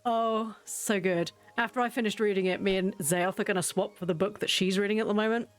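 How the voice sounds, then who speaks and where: A woman streaming a game, chatting casually with viewers in a giggly, self-mocking way. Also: mid-range voice.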